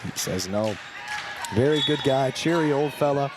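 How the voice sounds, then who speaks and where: A man's voice: medium pitch, expressive, moderate pace. A young man doing playful play-by-play commentary for a college volleyball match in a gymnasium. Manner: playful, joking banter. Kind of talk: live sports commentary. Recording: loud crowd and gym noise behind.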